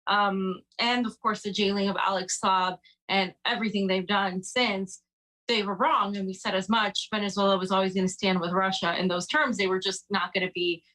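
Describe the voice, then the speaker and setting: A woman co-hosting a casual news talk show, her voice bright and forward. She chats loosely and teases with dry sarcasm, filling gaps with "um" and "like". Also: medium pitch, flat delivery, moderate pace, poor audio. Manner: chatty, sarcastic, many fillers. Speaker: co-host.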